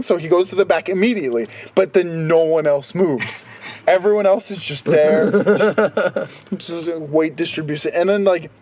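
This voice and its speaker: A young man in casual podcast chat, talking haltingly and restarting often. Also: fairly high pitch, a little mellow. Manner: halting, many fillers and restarts. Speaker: podcast co-host.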